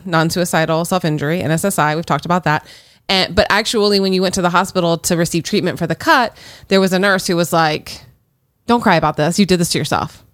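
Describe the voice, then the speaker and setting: A woman's voice: fairly low pitch, smooth, dry recording, clean studio sound. A woman co-hosting a podcast, prompting her co-host with questions and listening supportively. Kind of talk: casual interview-style conversation.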